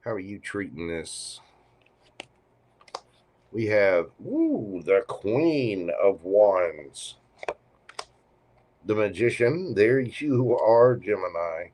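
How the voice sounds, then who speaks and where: A man with a fairly low voice reads tarot cards on a live stream. He talks in a loose, chatty way, turning to the viewer often. His delivery is expressive and conversational. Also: drawn-out words, long pauses. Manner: chatty, expressive, speaks straight to the listener. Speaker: tarot reader.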